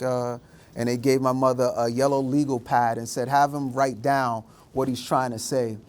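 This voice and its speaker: Middle-aged male speaker, vivid storyteller, does voices for characters, mid-range pitch. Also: flat delivery, normal speed, a little mellow. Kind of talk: storytelling talk.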